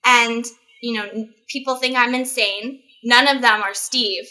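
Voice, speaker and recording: A woman's voice: fairly high pitch, unhurried. A young adult woman as a guest, telling a story in casual chat and acting out the people in it. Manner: animated, acts out quoted exchanges.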